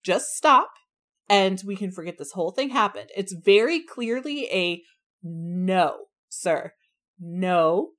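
Frank, animated woman in casual chat. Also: medium pitch, takes it slowly. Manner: animated, frank, slangy, acts out quotes. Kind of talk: casual book discussion chat.

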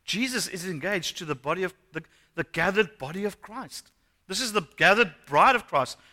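A male pastor preaching a sermon, animated and asking the congregation questions. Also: sits high, moderate pace. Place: church hall. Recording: long hall reverb.

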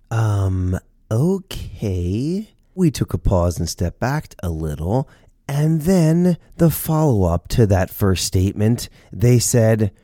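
Lively, playful male podcast host. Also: mid-range voice, no echo, clean studio sound. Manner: playful, chatty, jokey asides. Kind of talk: storytelling podcast monologue.

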